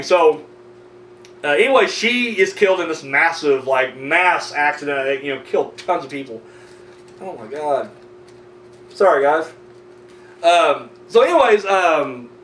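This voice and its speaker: A man's voice: fairly high pitch, fairly bright tone, recorded from a distance. Male horror reviewer, casual rambling recap, profane and filler-heavy; roomy sound with a faint hum behind him. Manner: loose and profane, heavy on fillers like "you know" and "like".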